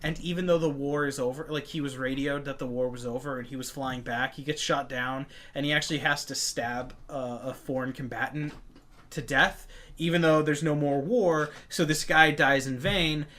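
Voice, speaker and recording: A man's voice: medium pitch, fairly even intonation, moderate pace, bright, forceful tone. A man co-hosting a casual nerd podcast, rambling through comic-book talk with lots of fillers. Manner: rambling, filler-heavy, acts out quotes. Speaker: podcast co-host.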